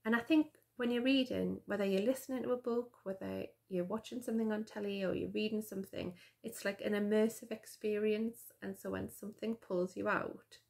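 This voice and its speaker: A woman's voice: mid-range voice, fairly even intonation, brisk, vocal fry, hardly any pauses, a little mellow. A woman, chatting casually to her camera in a rambling way, full of fillers and restarts. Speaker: vlogger. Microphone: camera mic.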